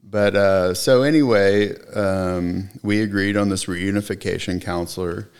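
A middle-aged man earnestly recounting his recovery story in conversation, halting with many fillers. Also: sits low, fairly even intonation, clear, resonant tone. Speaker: podcast guest.

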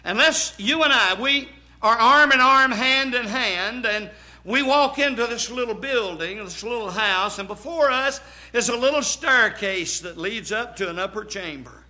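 A man preaching in a strikingly high, bright voice. He takes his time, drawing out each phrase and building to sudden shouts. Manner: dramatic preaching, slow and emphatic, swelling to shouts. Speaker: pastor. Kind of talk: sermon.

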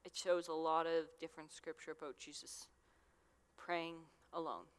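A woman's voice: low voice, flat delivery, moderate pace, clear, resonant tone. A young adult woman giving a casual, conversational sermon as a youth minister, with lots of fillers. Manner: chatty, conversational, with many fillers. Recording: long hall reverb.

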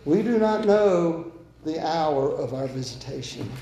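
Male pastor, earnest sermon delivery, loud urging to soft pleading, slightly high voice, roomy church echo. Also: lively intonation, a little slow. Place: church sanctuary. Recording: echoey church room.

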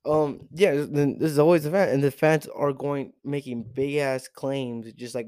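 A man's voice: mid-range voice, a little fast, hardly any pauses, darkish tone, dry recording, clean studio sound. A teenage boy hosting a podcast, ranting in an exasperated, profane way with lots of repeated rhetorical questions. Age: teens. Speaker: podcast host. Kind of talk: solo sports rant.

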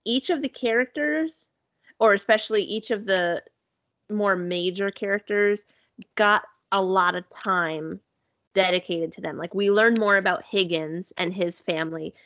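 A woman's voice: medium pitch, a little slow, fairly bright tone, lo-fi sound. A woman in casual conversation, chatty and upbeat, filling her talk with "like" and "you know". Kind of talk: casual chat.

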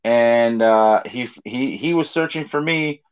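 A man's voice: mid-range voice, slow pace, clean tone. Guy rambling on his podcast, laughs a lot, kinda dull lo-fi sound. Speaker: podcast co-host. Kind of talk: casual chat.

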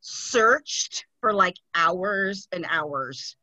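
A woman's voice: on the low side, expressive, extremely slow, pushed and bright, no echo. A woman from the United States in a casual podcast chat, reacting emphatically. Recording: dull lo-fi recording.

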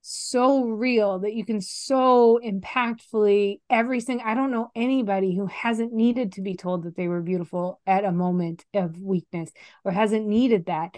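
A woman's voice: mid-range voice, normal speed, darkish tone, no echo, clean studio sound. A middle-aged woman co-hosting a podcast, chatting animatedly about a film and often trailing off and restarting. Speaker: podcast co-host. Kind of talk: casual chat reviewing a film.

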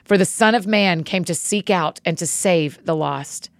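Jesus, calm male teacher, read by a woman: measured, solemn, low with some fry. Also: dry recording, studio quality. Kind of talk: scripture reading.

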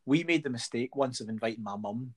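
A middle-aged man with a Scottish accent tells wry, swear-laden stories in an easy chat. His voice has a husky edge and sits at an ordinary pitch. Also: brisk. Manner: wry storytelling, swears freely. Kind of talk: casual chat.

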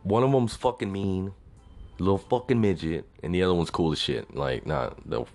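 Deep-voiced young man ranting profanely. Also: sing-song, normal speed, gravelly, darkish tone, soft background music. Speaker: vlogger. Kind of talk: casual venting monologue.

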